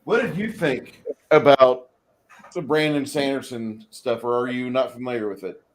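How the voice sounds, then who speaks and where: A man who runs tabletop games, chatting on a podcast as an animated storyteller who swears casually. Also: medium pitch, normal speed. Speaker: game master.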